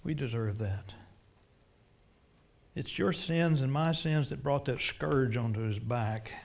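A man preaching a sermon and leading a prayer, swinging from loud urgent preaching to hushed pleading. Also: medium pitch, slow pace, vocal fry.

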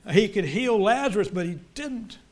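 A middle-aged male preacher delivering a sermon, swinging between loud emphatic lines and quiet, low ones. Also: animated, normal speed.

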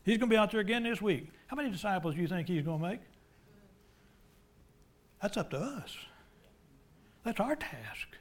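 A middle-aged man preaching a sermon as pastor, pleading loudly at times and dropping to a near whisper in prayer. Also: on the high side. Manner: impassioned preaching, swings from loud pleas to whispered prayer.

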